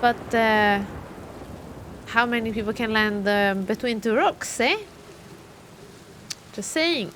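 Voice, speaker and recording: A woman's voice: a little high, takes it slowly, long pauses, fairly bright tone, slight background noise. A young woman streaming a game live, chatty and thinking aloud while talking to her chat. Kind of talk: live gameplay commentary.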